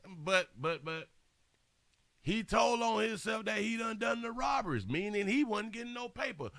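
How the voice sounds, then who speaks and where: A man's voice: a little high, fairly bright tone, dry recording. A man hosting a commentary show, reacting to a news clip with mocking, slangy talk and swearing.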